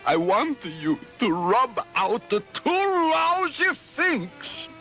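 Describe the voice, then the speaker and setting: An actor voicing a groveling singer with an excitable, wailing voice in a 1970s cartoon. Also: male voice, very high-pitched, slow, soft background music, heavily acted. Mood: pleading. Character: groveling Italian-American singer, loud and emotional.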